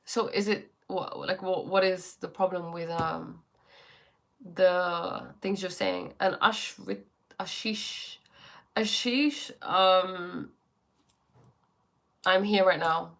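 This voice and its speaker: A life coach hosts a livestream, reading viewer comments and chatting casually in a lowish, fairly bright voice. Her delivery is slow and flat, with vocal fry and long pauses, and her talk is reflective, spiritual and full of questions.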